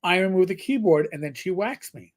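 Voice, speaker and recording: A man's voice: high voice, animated, a little fast. A man, co-hosting a casual live stream and telling rambling stories with casual swearing. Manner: rambling storyteller, swears casually, imitates his cat. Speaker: co-host of a gaming health live stream. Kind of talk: casual chat.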